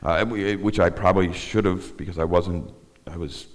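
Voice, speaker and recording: Standing at the front of a synagogue sanctuary, a middle-aged guest speaker with a very low, deep voice gives a personal testimony. His intonation is fairly even, but he rambles and halts, restarting sentences, while a long reverb rings through the large hall.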